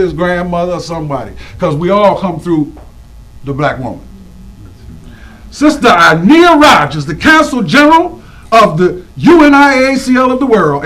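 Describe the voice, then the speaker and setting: A man honoring community women in lively, preacherly shout-outs to an audience, drawing out names and calling for responses. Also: high voice, poor audio. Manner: preacherly call-and-response, animated, drawn-out names.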